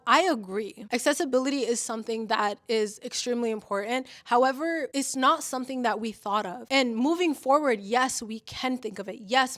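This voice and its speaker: A woman's voice: on the high side, fairly bright tone, dry recording, studio quality. A woman telling a story to camera in an emphatic, defensive way. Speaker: vlogger. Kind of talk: casual storytime vent to camera.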